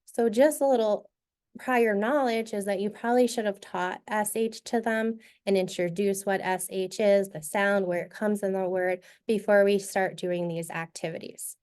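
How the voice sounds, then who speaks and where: At a moderate pace, a woman with a medium-pitched, steady, somewhat dark voice leads a teacher-training session. She models a reading activity step by step, giving clear instruction throughout.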